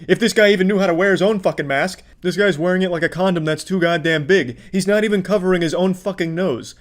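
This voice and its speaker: A man's voice: sits high, fast talker. A man with a slightly raised voice delivers sarcastic reaction commentary. He swears freely and mocks everything he watches in a dry, biting tone. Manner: sarcastic, mocking, profane.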